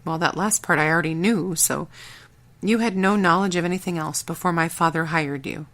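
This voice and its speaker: A woman reading a first-person audiobook in a wry, brisk storytelling manner. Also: on the low side, a bit bright. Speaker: audiobook narrator.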